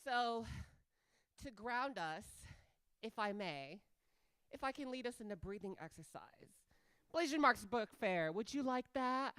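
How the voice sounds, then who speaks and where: Flamboyant drag host working a crowd. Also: female voice, fairly high pitch, lively intonation, a little slow, clear, resonant tone. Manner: flamboyant, loud and playful with the crowd. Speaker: event host and drag performer. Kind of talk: live stage hosting and guided breathing. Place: live event stage.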